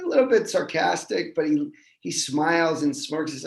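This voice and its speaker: Gravelly storyteller man in an echoey room. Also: a little high. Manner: relaxed, halting, many restarts. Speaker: storyteller at a synagogue service. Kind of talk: telling a folk tale. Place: synagogue.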